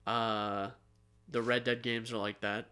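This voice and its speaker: This man co-hosts a podcast in relaxed, conversational banter. He teases his partner with a dry, joking edge. He often hesitates on filler words before getting to his point. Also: medium pitch, slow pace, smooth. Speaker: podcast co-host. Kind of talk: casual chat about video games.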